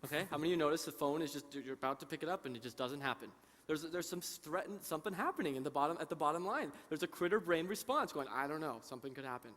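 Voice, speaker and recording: A man's voice: on the high side, lively intonation, fast talker, fairly bright tone. A man co-presenting a live seminar, playful and joking, pulling the audience into a demonstration. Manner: playful, jokes and drives audience participation. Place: conference hall before an audience. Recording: reverberant hall sound.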